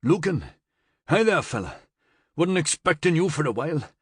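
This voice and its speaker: A jumpy, flustered man whose voice keeps leaping up high and skittering across his lines, as a male narrator puts him on. The recording is dry and close, with no room sound. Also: very animated, moderate pace, slightly rough, no room sound, full character voice. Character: excitable, flustered man, the buyer.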